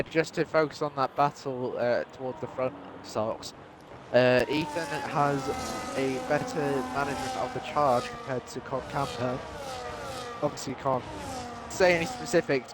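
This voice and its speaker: A man's voice: medium pitch, noisy background. A man co-commentating a sim race live, hesitant with frequent fillers.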